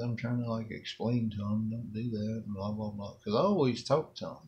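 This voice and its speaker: With a low voice and a fairly quick pace, a middle-aged Southern American man tells a rambling, folksy personal story as a vlogger, performing the quotes. The audio has its highs cut off.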